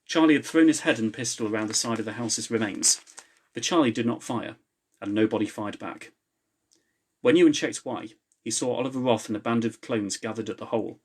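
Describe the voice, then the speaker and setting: A man reads his own novel aloud on a live stream from home, with a mid-pitched voice. Between passages he chats in a relaxed way with fillers before going back to steady narration. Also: fairly quick, husky. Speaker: author reading his novel. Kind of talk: live reading to online viewers. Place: home, with a laptop.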